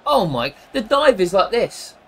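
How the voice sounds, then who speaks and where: Sarcastic man with a lively voice. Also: sits high, measured pace, crowd noise. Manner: sarcastic and jokey, with bursts of frustration. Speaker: gaming commentator. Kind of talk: casual gameplay commentary.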